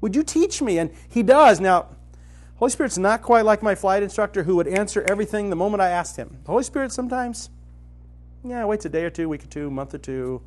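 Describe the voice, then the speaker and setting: Animated man telling a story to a group. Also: high-pitched, a little fast. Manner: storytelling, animated, talks to the room directly. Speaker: retreat speaker. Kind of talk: conversational teaching talk. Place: meeting room with a live audience.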